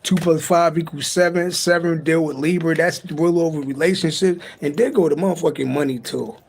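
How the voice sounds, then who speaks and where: A man's voice: a little high, steady tone, fairly quick, vocal fry, slight background noise. A man giving a late-night tarot reading on a livestream, talking in a loose, profane, rambling and joking way. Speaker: tarot reader on a live stream. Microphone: livestream mic.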